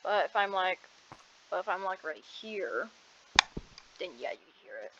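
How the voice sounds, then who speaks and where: A gaming streamer with a medium-pitched, unhurried voice chats casually to herself at her home computer desk, rambling and breaking off mid-sentence as she comments on gameplay. Her cheap headset mic is held away from her mouth, making the recording muffled, with heavy background noise.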